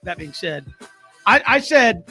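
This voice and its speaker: A man's voice: sits high, very animated, measured pace, vocal fry, sharp tone, faint music behind. A man co-hosting a casual sports talk show, chatty and wry as he argues his picks.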